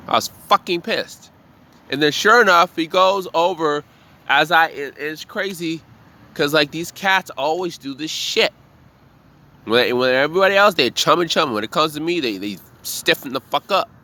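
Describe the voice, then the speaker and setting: A man who works as a bartender, giving a blunt, profane, animated monologue about trusting your gut. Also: on the high side, moderate pace. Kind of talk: casual motivational monologue.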